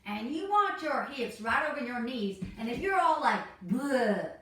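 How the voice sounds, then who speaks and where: A woman's voice: high voice, sing-song, moderate pace, fairly bright tone. A woman leading a joking yoga class in a goofy, laid-back way. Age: 40s. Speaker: yoga instructor. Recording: echoey room, mic far off.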